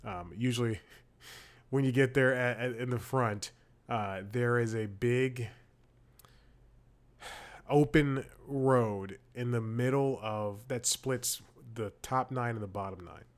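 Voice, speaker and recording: A man's voice: mid-range voice, takes it slowly. A man hosting a comedy podcast who tells rambling personal anecdotes in a casual chat and corrects himself often as he goes. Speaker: podcast host.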